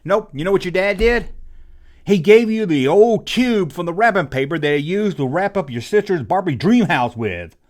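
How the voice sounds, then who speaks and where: A man in his forties hosting a comedic toy nostalgia rant, sarcastic, rambling and self-mocking. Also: fairly high pitch. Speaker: toy channel host.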